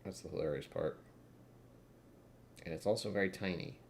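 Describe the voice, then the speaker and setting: A man's voice: sits low, moderate pace, creaky, a little hiss or hum. A man hosting a whiskey tasting livestream, chatting casually with viewers in a wry, self-mocking way.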